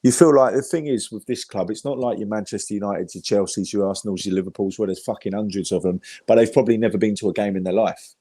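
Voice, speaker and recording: A man's voice: on the low side, fast, hardly any pauses, dark tone, slightly rough, no echo, studio quality. A man telling football fan stories in a casual podcast chat, chatty and swearing freely.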